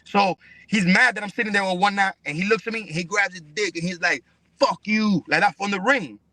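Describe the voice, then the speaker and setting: High-voiced fighter, blunt and profane. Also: male voice, brisk, bright, forceful tone, no echo. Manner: blunt, profane, emphatic, repeats "bro". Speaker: pro fighter, podcast guest. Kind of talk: heated interview talk.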